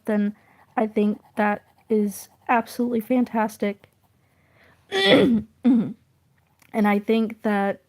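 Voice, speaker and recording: A woman streaming while she draws, chatting casually and gently encouraging her viewers. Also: mid-range voice. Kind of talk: casual chat.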